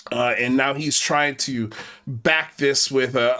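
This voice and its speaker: A man's voice: mid-range voice, fairly even intonation, slow pace, pushed and bright. A man hosting a casual commentary stream, mocking and profane as he talks. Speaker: host.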